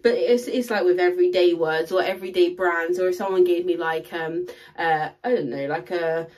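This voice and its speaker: A woman's voice: on the low side, fairly even intonation, moderate pace, darkish tone. A woman co-hosting a resale vlog who talks casually and rambles, with many fillers and restarts. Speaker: co-host, luxury reseller. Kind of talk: casual chat, showing thrift finds.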